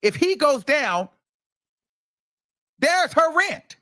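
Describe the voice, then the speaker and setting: A man's voice: very high-pitched, big pitch swings, very slow, bright, forceful tone, no echo. A man hosting reaction commentary, emphatic and repeating his points for stress. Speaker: commentary host.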